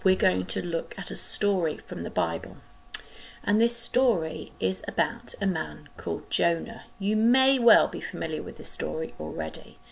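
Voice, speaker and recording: A woman leading a school collective worship, telling a Bible story to children with gentle, expressive pauses. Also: mid-range voice, creaky, low-quality recording.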